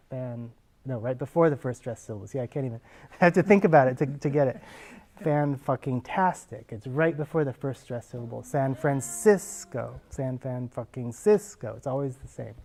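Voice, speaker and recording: A man's voice: medium pitch, darkish tone. Man explaining casually in class. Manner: conversational, explains with everyday examples. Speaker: linguist answering actors' questions.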